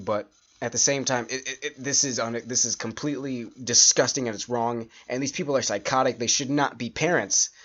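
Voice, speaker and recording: A man's voice: mid-range voice, a bit bright, muffled recording. Frustrated man ranting on a podcast. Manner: frustrated, halting, with sighs and restarts. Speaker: podcast host. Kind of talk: solo podcast rant.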